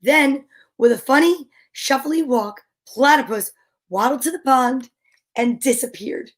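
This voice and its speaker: A woman reading picture books aloud to children, gentle and encouraging, asking questions and counting along with them. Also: high voice, measured pace. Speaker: children's story reader.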